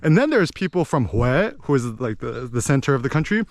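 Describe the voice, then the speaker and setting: A man giving a rambling, animated casual monologue as a podcast host. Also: mid-range voice, brisk, no echo. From United States. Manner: animated, rambling, with many fillers.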